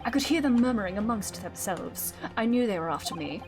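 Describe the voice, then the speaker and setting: A woman's voice: mid-range voice, lively intonation, a little fast, over music, close to an everyday voice. A woman reading as a somber young nobleman. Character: young male noble recounting grim past. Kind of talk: reading game dialogue aloud.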